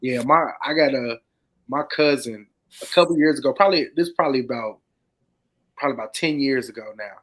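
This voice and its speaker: A man co-hosting a casual talk show, telling a story in an easygoing way with relaxed slang. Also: mid-range voice, brisk. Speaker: podcast co-host. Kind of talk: casual chat.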